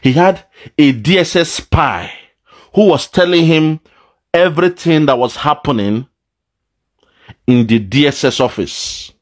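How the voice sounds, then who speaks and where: A man giving an impassioned commentary, swinging between loud outbursts and low, mournful asides. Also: expressive, unhurried, long pauses. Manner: dramatic, swings between shouting and low lament. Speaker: political commentator. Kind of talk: impassioned monologue.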